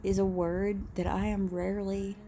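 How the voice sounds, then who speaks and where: A woman talking straight to camera in a blunt personal rant, swearing freely, stopping to restart her sentences and laughing quietly now and then. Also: mid-range voice, little pitch movement, moderate pace, music in the background. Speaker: vlogger.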